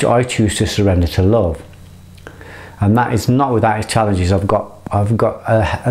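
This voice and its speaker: Middle-aged guy going off on a motivational rant, swears a lot, kinda low voice, keeps restarting. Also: a little mellow. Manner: earnest, swears freely, rambling with restarts. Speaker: motivational speaker. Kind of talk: impassioned monologue.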